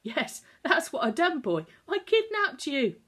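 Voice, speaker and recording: A woman doing a gruff old country man. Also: mid-range voice, normal speed, voice pushed up, lightly acted. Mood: laughing. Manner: blunt, warm-hearted dialect speech.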